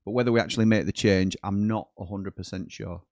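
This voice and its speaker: A British man hosting a live football watchalong, reading viewer comments aloud and breaking into quick commentary on the match. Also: lowish voice, fairly even intonation, darkish tone, dry recording. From Britain. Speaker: watchalong host.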